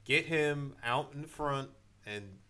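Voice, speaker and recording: A man's voice: on the high side, slow, very noisy. Joking man co-hosting a podcast. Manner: laughing, joking, loose. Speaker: podcast co-host. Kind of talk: casual wrestling chat.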